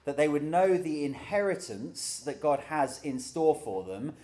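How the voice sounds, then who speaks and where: Lively, conversational male preacher. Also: on the high side, measured pace. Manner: conversational and lively, with dry humor. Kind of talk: sermon.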